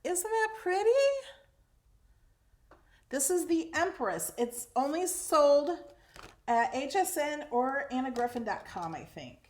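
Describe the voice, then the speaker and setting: A woman hosting a casual craft tutorial, chatty and excitable as she talks through each step while working. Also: sits high, slow, long pauses. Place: craft room at home. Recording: echoey room, faint noise.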